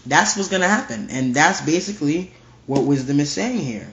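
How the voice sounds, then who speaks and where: A man with a fairly high voice walks through scripture in a casual, emphatic way, repeating his points over and over. The sound is roomy and a bit dull, as if recorded in a lo-fi setup. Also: lively intonation, normal speed, vocal fry, fairly bright tone. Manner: emphatic and repetitive, reading scripture aloud. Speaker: Bible teacher. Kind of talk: casual verse-by-verse Bible study.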